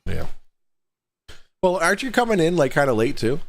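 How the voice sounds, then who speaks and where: A man's voice: a little high, huge pitch swings, normal speed, vocal fry. A man hosting a casual livestream talk show, joking, swearing and laughing a lot.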